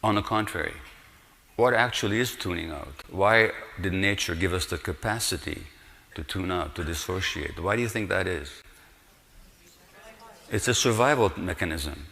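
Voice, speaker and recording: An older man with a low voice gives an earnest lecture, pressing his points with rhetorical questions. His words ring out with a long hall reverb. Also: moderate pace, gravelly, pushed and bright. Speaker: speaker giving a lecture. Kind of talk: public lecture.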